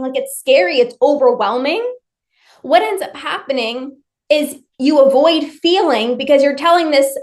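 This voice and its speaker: High-pitched woman coach doing a live online workshop, talks right to the viewers, repeats stuff for emphasis. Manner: emphatic, repetitive, addresses the viewers directly.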